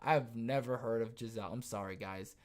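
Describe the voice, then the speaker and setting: A podcast host riffing sarcastically on the news during a live show, animated and quick to laugh. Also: mid-range voice. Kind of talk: live news commentary chat.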